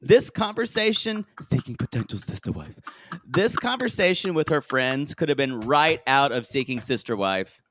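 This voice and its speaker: A man co-hosting a casual reality-TV recap podcast, jokey and animated, often mimicking the cast in high mocking voices. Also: normal speed, a little hiss or hum. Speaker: podcast co-host.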